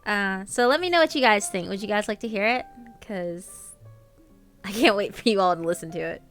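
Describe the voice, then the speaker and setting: A woman's voice: medium pitch, lively intonation, moderate pace, a bit bright, faint music behind. A young woman streamer chatting casually with viewers, reading out their names between lots of ums and laughs. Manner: chatty, reads out viewer names, filler-heavy. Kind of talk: casual live-stream chat.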